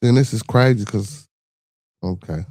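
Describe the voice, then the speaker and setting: A man's voice: on the low side, a little slow, darkish tone, dry recording. A man with a Chicago accent hosting a podcast live stream, chatting loosely with viewers, swearing freely and filling his talk with "you know what I'm saying.". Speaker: podcast host. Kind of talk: casual live-stream chat.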